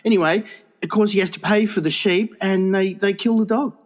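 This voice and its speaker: Man, comedy podcast co-host, rambling storyteller, sweary, slightly high voice. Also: fairly quick. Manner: rambling, sweary, laughs while telling. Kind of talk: casual storytelling.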